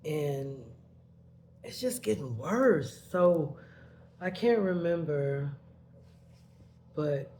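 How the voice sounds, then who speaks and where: A woman's voice: sits low, animated, very slow, pauses often, mellow, slight background noise. A woman telling a painful personal story in a rambling way, heated at first and then subdued, sometimes tearful.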